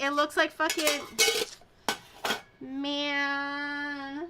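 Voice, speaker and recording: Hosting a baking video, a woman chats casually while she bakes, rambling through stories with plenty of fillers and the occasional casual swear. Her voice sits high and is monotone and slow. The recording is very noisy.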